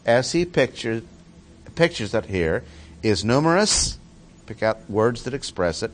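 A man's voice: medium pitch, big pitch swings, a little slow. A man teaching through a Bible passage verse by verse, stressing key words by repeating them.

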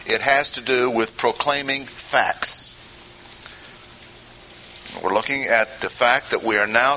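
Male Bible teacher, measured and emphatic, very bright tone, muffled old tape feel. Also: medium pitch. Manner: deliberate, emphatic, pausing often. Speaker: preacher. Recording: dull lo-fi recording with faint hiss.

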